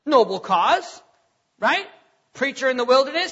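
Middle-aged male preacher, bright and tense tone, conversational sermon with chuckles, echoing church hall. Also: very high-pitched, big pitch swings, a little slow. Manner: conversational, repeats words, chuckles between points. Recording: lo-fi recording in a reverberant hall.

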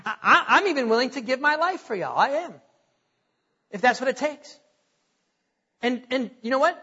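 A man's voice: extremely high pitch, expressive, moderate pace, pushed and bright, slightly rough. A man preaching as pastor of a church, earnest and repeating his words as he questions the congregation. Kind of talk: sermon. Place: church sanctuary. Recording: dull, muffled recording with long hall echo.

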